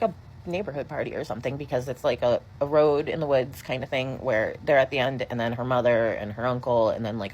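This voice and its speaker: A woman's voice: a bass voice, slight background noise, low-quality recording. A woman in her thirties tells an upsetting personal story, shaken and rambling with lots of fillers. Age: 30s. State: shaken and distraught.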